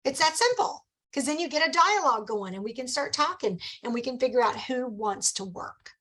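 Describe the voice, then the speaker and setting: A middle-aged woman, coaching her sales team in a lively, upbeat meeting talk and acting out little customer exchanges. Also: high voice, brisk, low-quality recording.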